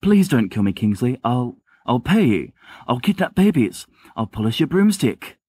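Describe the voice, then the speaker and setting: A man's voice: mid-range voice, sing-song, normal speed, darkish tone, slightly rough, voice pushed up. A man voicing a flustered teenage boy who babbles and pleads in a raised voice, in an amateur audiobook reading. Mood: panicked. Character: frantic, flustered teenage boy wizard Remus.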